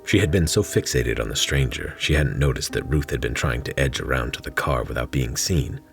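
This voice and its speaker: Very deep, gravelly male storyteller. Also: brisk, few pauses, soft background music. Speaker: storyteller reading his own story. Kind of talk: storybook narration.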